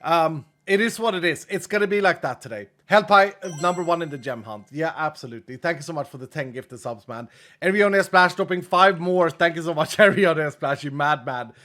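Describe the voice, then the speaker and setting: A man's voice: fairly quick, bright, forceful tone. Subdued man with a cracked rib. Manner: low-key, chatty, thanks viewers one after another. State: subdued, unable to push his voice from a cracked rib. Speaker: streamer reading out donations. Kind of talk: casual livestream chat.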